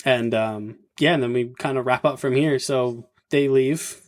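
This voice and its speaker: Male podcast co-host, chatty scene-by-scene film recap with quoted lines, medium pitch. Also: unhurried. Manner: retells scenes acting out the characters' lines. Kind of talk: casual movie recap chat.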